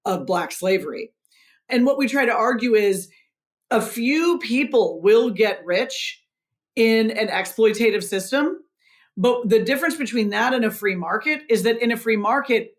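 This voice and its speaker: A woman author, a guest on a podcast interview, explaining history in an earnest, emphatic way. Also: mid-range voice.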